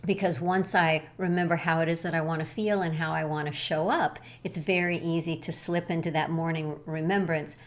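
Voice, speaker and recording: A woman co-hosting a casual wellness talk show, speaking earnestly and repeating gentle affirmations. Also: low voice, fairly even intonation, moderate pace, hardly any pauses. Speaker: co-host.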